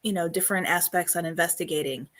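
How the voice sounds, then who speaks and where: Hoarse and clearly losing her voice, the host of a laid-back live stream fields viewers' questions. Her voice is lowish and fairly bright, and she talks fast, chatty, full of ums, clearing her throat often.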